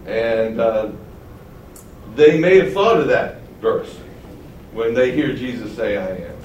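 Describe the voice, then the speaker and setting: A man's voice: mid-range voice, animated, slow pace, darkish tone, dull audio, a little hiss or hum. A man preaching a Bible-teaching sermon in a conversational way, with chuckling asides as he reads scripture. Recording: roomy and distant, faint ambience.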